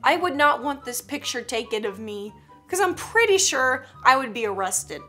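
A woman's voice: sits high, lively intonation, moderate pace, pushed and bright, soft background music. A woman hosting a casual reaction video, joking and teasing with frequent giggles. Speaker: YouTube reaction host.

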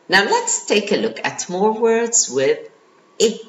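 A woman's voice: mid-range voice, sing-song, slow pace, slightly rough. A woman teacher giving a phonics lesson to young children, sounding out letters and words one by one. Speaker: kindergarten teacher.

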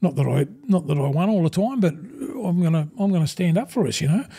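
Husky-warm Australian man, mate-peppered yarns. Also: fairly high pitch, animated, fairly quick. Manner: rambling, calls the host 'mate' constantly, acts out old conversations. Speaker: guest, former rugby league front rower. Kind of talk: casual storytelling interview.

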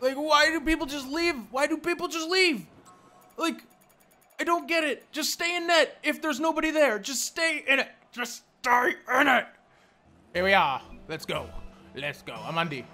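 A young man commentating his own gameplay, frustrated, swearing and yelling at his teammates. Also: very high-pitched, lively intonation, moderate pace, faint music behind. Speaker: gameplay streamer.

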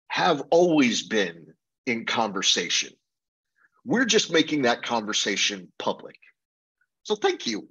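A man presenting a project update in a webinar, halting with fillers and restarts. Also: mid-range voice, husky, rough recording. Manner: halting, many fillers, animated plugs.

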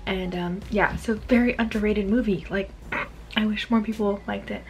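A woman's voice: medium pitch, steady tone, normal speed. Chatty young woman vlogger. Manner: chatty, gushing, fillers like um and like. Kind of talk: casual vlog chat while eating.

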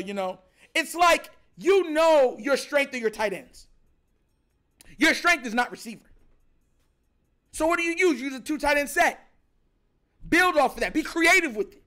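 A man's voice: very high-pitched, sharp tone. A young man hosting a sports reaction show, ranting in an exasperated, emphatic way with lots of repetition. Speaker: sports commentary host.

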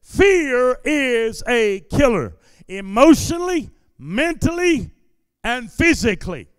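A male pastor preaching a sermon in a church service. He repeats his lines in a steady preaching cadence and builds them up into shouted declarations. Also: very high-pitched, slow pace, smooth, no room sound, clean studio sound, big-room sound. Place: church sanctuary during a service.

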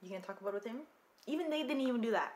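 A young woman casually reacting to an anime, talking back to the screen in an expressive way. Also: fairly high pitch, racing, roomy sound. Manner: expressive, talks back to the screen, shrieks and laughs.

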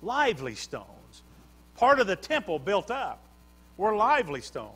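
A man's voice: sits high, wildly swooping pitch, unhurried, a bit bright, slightly rough. A man preaching a sermon, building fervor through repeated phrases. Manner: preaching with rising fervor and repetition. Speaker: pastor.

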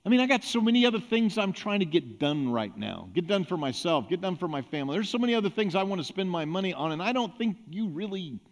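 A man's voice: high voice, big pitch swings, fast, few pauses. A man pastor preaching a conversational sermon, acting out little everyday examples. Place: church sanctuary.

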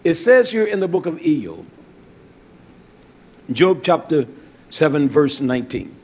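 High-voiced impassioned male preacher. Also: big pitch swings, a little slow, husky. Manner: impassioned, swings from low murmurs to loud declaiming; uses Hebrew terms. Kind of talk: sermon.

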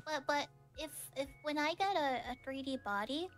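A woman's voice: sits high, moderate pace, a bit bright, faint music behind. A young woman streamer chatting casually, rambling and teasing with frequent giggles.

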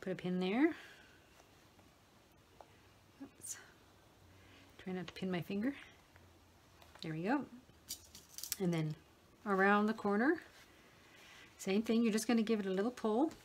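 A woman's voice: medium pitch, normal speed, pauses often. Woman talking through a sewing tutorial. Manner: relaxed, talks while working with hands. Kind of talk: step-by-step craft tutorial.

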